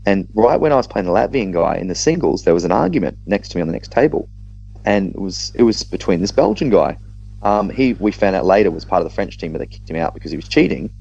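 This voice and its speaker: An Australian man, co-host of a podcast, recounting a tabletop match in casual chat with animated storytelling and quick restarts. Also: low-pitched, gravelly, breathy edge, muffled recording, faint music behind.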